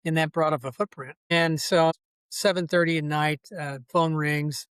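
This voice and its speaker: A man's voice: a little high, fairly even intonation, normal speed, a bit bright, smooth, no echo. An older man, a podcast guest, telling long casual anecdotes full of asides. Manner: rambling, folksy anecdotes with many asides. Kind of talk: casual storytelling.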